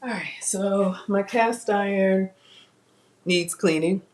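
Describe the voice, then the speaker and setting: A woman's voice: mid-range voice, slow pace, darkish tone. A woman hosting a live home cooking class, chatty and self-teasing as she talks to viewers from her kitchen. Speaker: cooking show host.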